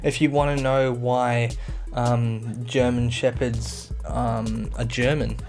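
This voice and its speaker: A man's voice: medium pitch, slow pace, creaky, soft background music. A man with a mixed English and Australian accent co-hosting a casual gaming podcast, bantering playfully. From England. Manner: lively, laughing, playful banter. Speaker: podcast co-host.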